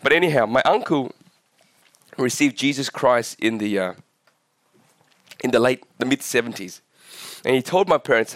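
This pastor, a man in his forties who originally came from Vietnam, preaches in church while sick and coughing. His intonation is lively and his pace moderate, with long pauses and no echo. He speaks with fervor, rising in pitch at climaxes and often turning questions to the congregation.

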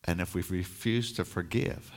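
A man preaching a Sunday sermon in a fairly low voice. He reads scripture aloud and stops to explain it plainly. His force rises on the lines he wants to land. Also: steady tone, moderate pace. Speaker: pastor.

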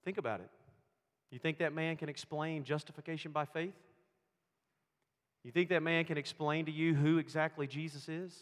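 A man preaching a sermon, swinging between loud emphatic lines and hushed, quiet storytelling. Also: fairly high pitch, fairly even intonation, moderate pace. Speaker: pastor. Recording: long hall reverb.

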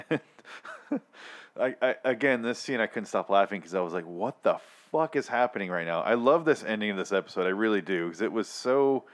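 A man's voice: fairly low pitch, brisk. A man hosting a casual podcast chat, retelling a scene with lots of swearing and laughter. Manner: profane, laughing, animated storytelling. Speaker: podcast host.

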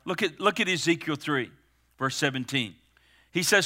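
A middle-aged man preaching a sermon as pastor, stressing words with slowed, emphatic pauses. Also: fairly high pitch, lively intonation, pushed and bright.

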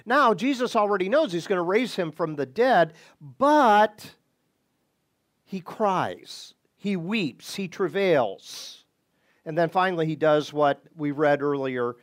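A man with a notably high voice walks listeners through a Bible passage. He takes his time, speaking in a measured, deliberate way, then leans hard into key words. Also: animated. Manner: deliberate, with bursts of emphasis. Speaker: Bible teacher.

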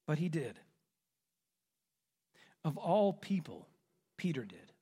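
High-voiced male preacher. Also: sing-song, slow pace, long pauses, warm tone, breathy edge. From American Midwest. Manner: expository preaching, dramatizing quoted lines. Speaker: pastor. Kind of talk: sermon.

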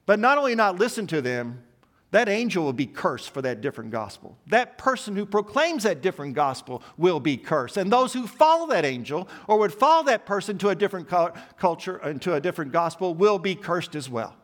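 A man's voice: high-pitched, sing-song, brisk, a bit bright. A man preaching a sermon, emphatic and building long repeated lists.

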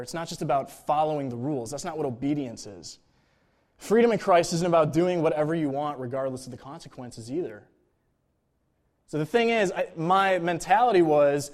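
A man preaching a sermon in a relaxed, conversational way, often checking in with "right?" and "like.". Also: fairly high pitch, normal speed. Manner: casual, informal, frequent "like" and "right?" check-ins.

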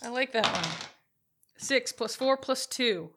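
A woman's voice: on the high side, measured pace, background noise. A woman playing a tabletop game who thinks aloud hesitantly as she plans her moves. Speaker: player. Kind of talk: casual tabletop game chat.

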